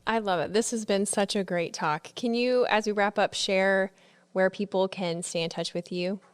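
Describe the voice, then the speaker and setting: A woman's voice: mid-range voice, steady tone, moderate pace, clean tone. A woman hosting a podcast interview, encouraging and conversational. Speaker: podcast host. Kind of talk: casual interview talk.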